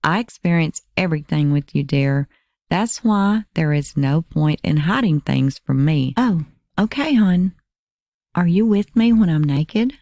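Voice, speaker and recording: A woman narrating a crime channel, reading text messages aloud in a measured, even voice. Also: deep voice, dry recording, clean studio sound.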